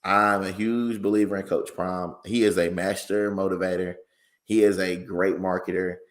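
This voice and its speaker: A tired man co-hosting a casual sports talk show, talking in a measured, conversational way. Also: low voice, little pitch movement.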